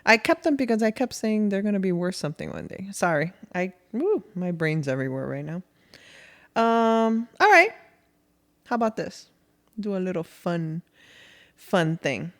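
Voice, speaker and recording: Lively woman podcast co-host. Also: medium pitch, moderate pace. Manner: animated, laughing, rambling. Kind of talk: casual chat.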